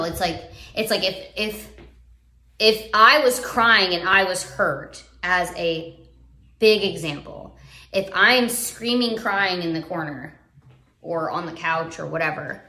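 Fairly low in pitch, bright and forceful, a young parenting vlogger's voice carries through a roomy echo. She's in a casual live video chat, speaking earnestly about raising kids while rambling and restarting, her speech dotted with fillers.

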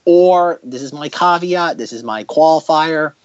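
A man hosting a podcast in casual chat, ranting sarcastically in quick bursts. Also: fairly high pitch, no room sound, highs cut off. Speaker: podcast host.

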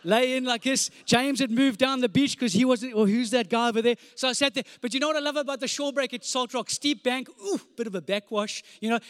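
Very high-voiced pastor. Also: male voice, no echo. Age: 40s. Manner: animated, comic storytelling with sound effects and repeated phrases. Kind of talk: storytelling sermon.

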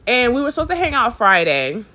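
Speaking briskly in a voice on the high side, a woman rambles through a profane storytime during a casual chat. She fills it with fillers and acts out both sides of the exchange with animation.

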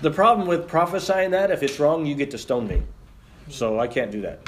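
A man preaching a sermon as pastor, joking with the congregation and reading scripture aloud in an animated way. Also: on the high side, a little fast, a little hiss or hum.

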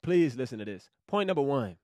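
A man's voice: medium pitch, very animated, brisk, no echo, studio quality. Hyped young man preaching in slang. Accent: Southern US, Georgia. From Savannah, Georgia. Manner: hyped, slangy, bursts into loud exclamations. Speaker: podcast host teaching Bible study. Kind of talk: excited casual Bible teaching.

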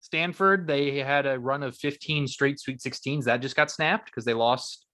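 A man's voice: mid-range voice, normal speed, bright, forceful tone. A young man chats about college sports on a podcast, laughing lightly as he looks up numbers. His talk is loose, friendly and casual. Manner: chatty, laughs while looking up stats. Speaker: podcast co-host.

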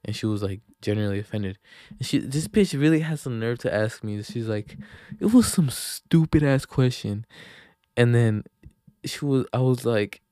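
A young man hosts a podcast with a handheld mic, rambling through a story in casual talk laced with cursing and fillers. His mid-range voice is mellow and expressive, moving at normal speed, with no echo in the recording.

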